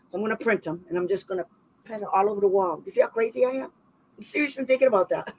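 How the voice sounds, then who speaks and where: A woman hosting a special education advocacy livestream in casual talk, rambling and animated, with quick sarcastic asides. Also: a little high, low-quality recording.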